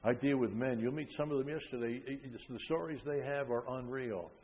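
An older man preaching a sermon, emphatic, with frequent rhetorical questions, rising loud and then dropping soft. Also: medium pitch, fairly quick, slight background noise. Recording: long hall reverb.

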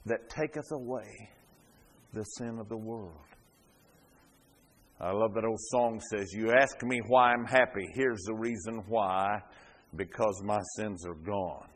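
A man pastor preaching a sermon, swelling to loud fervent peaks and dropping back quiet. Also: fairly low pitch, a little slow.

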